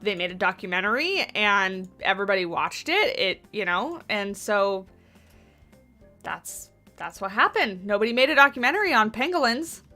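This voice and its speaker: A woman's voice: medium pitch, animated, normal speed, bright, forceful tone, soft background music. A woman livestreaming a game build at home, chatting loosely with her viewers and rambling as she works. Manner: chatty, rambling, talks to chat readers. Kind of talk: casual chat while building in a game. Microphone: USB desktop mic on boom arm.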